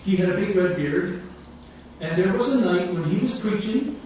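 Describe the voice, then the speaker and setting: A man preaches a sermon, animatedly telling a story and acting out the voices of its characters. His voice sits high, with lively intonation, a darkish tone, and normal speed. The recording has an echoey hall, a distant mic, dull sound, and a faint room hum.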